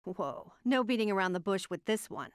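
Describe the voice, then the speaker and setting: An arrogant, sharp-tongued female scientist lectures with condescending sarcasm, voiced by a woman reading a game. Her voice sits mid-pitch and sounds close and dry. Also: expressive, moderate pace, smooth, dry recording, close to an everyday voice. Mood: smug.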